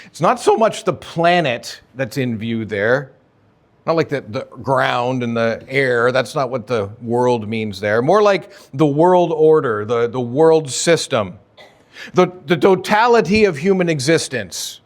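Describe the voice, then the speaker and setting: A man's voice: medium pitch, expressive, measured pace. A male pastor preaching an expository sermon in a conversational way, often asking rhetorical questions.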